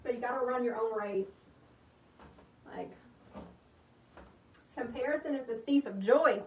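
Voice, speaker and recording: A woman's voice: fairly high pitch, unhurried, lo-fi sound. Chatty Texan woman in an echoey room. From East Texas. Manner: chatty, warm, thanks viewers by name. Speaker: craft livestream host. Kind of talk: casual livestream chat while crafting. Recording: echoey room, mic at a distance, faint hum.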